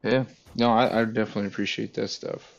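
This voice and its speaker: A man chatting casually with friends, relaxed and laughing between points. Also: on the low side, quick pace, vocal fry, highs cut off. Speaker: podcast co-host. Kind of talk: casual chat.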